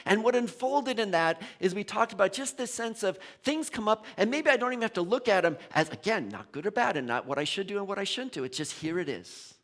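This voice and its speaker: A middle-aged male minister giving a conversational sermon, telling the story in an animated way and often repeating and restarting his words. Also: sits high, quick pace, hardly any pauses.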